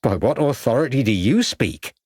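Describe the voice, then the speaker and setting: A man's voice: mid-range voice, lively intonation, moderate pace, darkish tone, slightly rough, no echo, studio quality. A man voicing a cruel woman villain who sneers and taunts. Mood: sneering.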